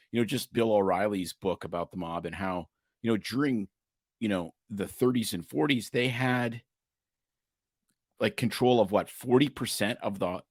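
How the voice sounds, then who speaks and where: Low-voiced host with rambling questions. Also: male voice, no room sound, studio quality. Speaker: podcast host. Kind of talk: interview conversation.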